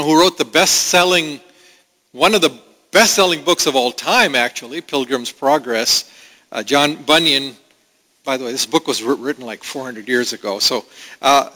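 A man preaching a sermon as pastor, earnest and conversational, with halting restarts. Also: mid-range voice, bright, forceful tone. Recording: long hall reverb.

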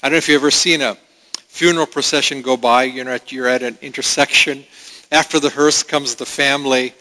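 A man's voice: medium pitch, steady tone, brisk, sharp tone. A man preaching a sermon in an earnest, conversational way, with asides to the congregation. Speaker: pastor. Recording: long reverb of a large hall.

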